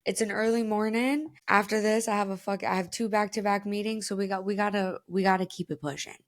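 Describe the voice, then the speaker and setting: A woman's voice: mid-range voice, steady tone, brisk. A woman in her late twenties from South Florida, hosting her own podcast in candid, profane, chatty talk full of fillers. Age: late 20s. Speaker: podcast host. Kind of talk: casual solo podcast chat.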